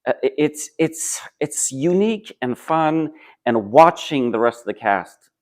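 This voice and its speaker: A man's voice: on the high side, expressive, measured pace, a little mellow. A man who acts on stage, answering interview questions in a friendly, thoughtful way with a clip-on microphone. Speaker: stage actor.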